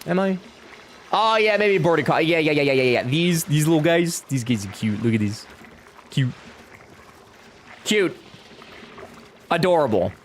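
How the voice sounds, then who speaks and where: A man's voice: a little high, lively intonation, normal speed, pauses often, slight background noise. Chatty young man streaming a game. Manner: chatty, joking, talks back to chat. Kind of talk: casual live-stream chat.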